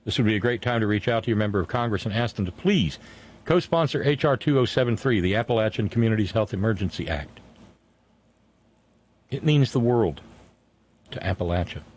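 Low-voiced earnest male show host. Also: animated. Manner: earnest, halting with many restarts. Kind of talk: casual on-air chat and sign-off.

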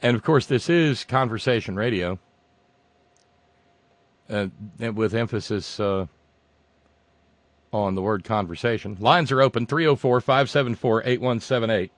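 A man hosting a call-in radio show, rambling and joking with sudden loud outbursts. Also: mid-range voice, normal speed, pauses often, no room sound. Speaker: radio talk show host. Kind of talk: casual call-in radio banter. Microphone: studio microphone.

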